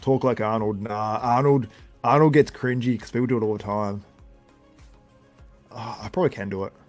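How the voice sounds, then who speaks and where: A man's voice: lowish voice, fairly even intonation, normal speed, soft background music. A man hosting a live stream, with a tired, sore voice, chatting casually and commenting as it happens. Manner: chatty, reacts to chat with laughs. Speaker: livestream host.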